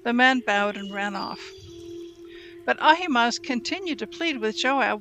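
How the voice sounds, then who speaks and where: A woman reading scripture aloud in a measured, storytelling way. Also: fairly high pitch, animated, sharp tone, soft background music. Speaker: Bible reader.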